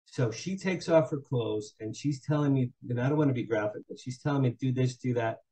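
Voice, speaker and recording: A man's voice: medium pitch, brisk, poor audio. An older man telling a story as a guest. His voice sits mid-range, and he drives the story along by acting out what everyone said. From New Jersey. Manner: animated, acts out other people's quotes. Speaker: guest, author. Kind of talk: comic personal storytelling.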